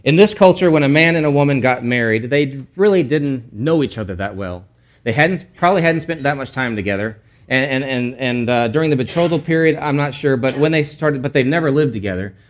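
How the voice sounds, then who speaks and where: A man's voice: medium pitch, lively intonation, brisk. Conversational male Bible teacher. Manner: casual and explanatory, with frequent restarts and asides.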